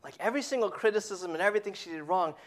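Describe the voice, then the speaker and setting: Racing along at medium pitch, a preacher delivers a sermon built around a family story, sinking into a hushed whisper whenever he reaches a key point.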